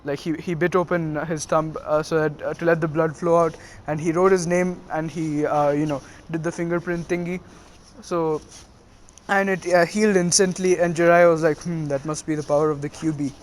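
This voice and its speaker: A man's voice: fairly high pitch, level tone, normal speed, a little hiss or hum. Rambling man retelling a fan story. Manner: rambling, full of uh and restarts.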